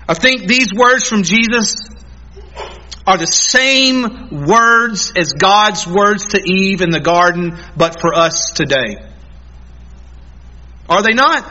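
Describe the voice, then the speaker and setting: A man preaching a sermon as pastor, earnest and emphatic, drawing out key words slowly. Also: sits high, sharp tone, highs cut off.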